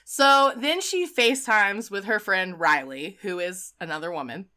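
A woman co-hosting a casual chat, retelling a film scene by scene in an animated way, with frequent laughs. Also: mid-range voice, moderate pace. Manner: animated storyteller, acts out the quotes, laughs often. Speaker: podcast co-host. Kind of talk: casual movie recap chat.

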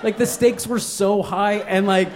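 Man, young adult, stand-up comic, slightly high voice, animated and self-mocking, faint background noise. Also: a little slow, a faint crowd. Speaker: stand-up comedian. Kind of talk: stand-up storytelling.

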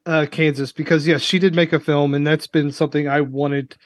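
A man's voice: a little high, level tone, fairly quick, no room sound. A man on a podcast who throws in wisecracks during the chat.

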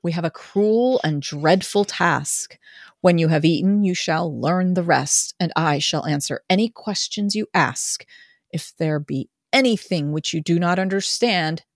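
A woman reading the lines of a grave, gentle Victorian male doctor in her own voice, with earnest dramatic delivery. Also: fairly low pitch, expressive, unhurried, no echo, studio quality.

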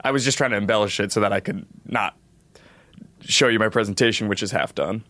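A man's voice: lowish voice, a little fast, a bit bright, no echo, natural voice. A man playing an awkward, earnest male office coworker who voices concern in a hesitant, blunt way in an improvised comedy sketch. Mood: confessing.

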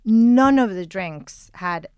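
A Spanish woman speaking English as a second language shares memories at an easy pace, often pausing to find the right word. Her voice is smooth and clear, at a middle pitch. The recording is close and dry. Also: lively intonation, no echo. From Spain. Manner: warm reminiscing, searches for words and restarts. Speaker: podcast co-host. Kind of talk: casual conversational chat.

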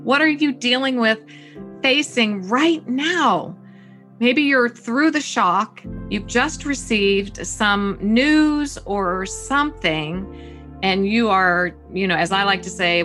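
Woman talk show host, emphatic and expressive, a little music playing faintly behind. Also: medium pitch. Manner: expressive, emphatic reading and questioning. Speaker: radio host. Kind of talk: talk radio interview.

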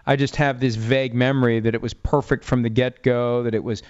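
A male host asks his guest long, measured questions. His voice is smooth and clear. The recording is dry and a little dull in tone. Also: medium pitch, level tone, dry recording. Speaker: interview host. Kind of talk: interview questions. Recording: slightly dull, dry audio.

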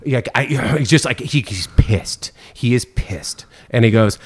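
A middle-aged man tells stories in a loose, animated way, piling on fillers and restarts. His pitch is moderate for a man, and he is a food critic and TV judge speaking as a podcast guest. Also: measured pace, hardly any pauses. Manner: rambling, animated, heavy on fillers. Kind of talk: casual storytelling in a podcast interview.

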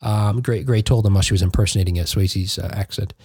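A man's voice: fairly low pitch, slightly rough, no room sound, clean studio sound. A man co-hosting a chatty podcast, reading celebrity news with lots of fillers and restarts. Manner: animated, halting with many fillers and restarts. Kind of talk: casual chat.

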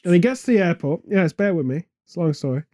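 A man co-hosting a comedic casual chat, rambling through absurd film pitches in an animated and easily exasperated way. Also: racing, no room sound. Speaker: podcast co-host.

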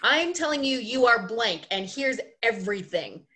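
A woman who works as an ice skating coach, talking as a guest on a podcast in an animated, emphatic storytelling way. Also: on the high side, normal speed, background noise. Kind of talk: casual interview conversation.

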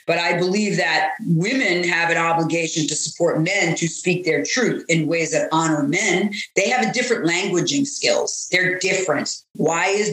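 A woman's voice: on the low side, fairly bright tone. A woman coach and author giving an earnest interview, acting out bits of the dialogue she retells. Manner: earnest, acts out quoted dialogue. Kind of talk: interview talk. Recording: roomy echo.

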